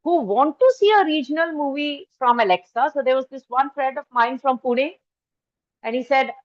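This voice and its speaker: A woman's voice: high voice, normal speed. A woman with an Indian English accent, telling a story as she lectures faculty and turning to speak straight to the audience. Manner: storytelling, switches into Hindi, addresses the audience directly. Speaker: faculty trainer. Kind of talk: anecdotal lecture. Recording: dull lo-fi recording.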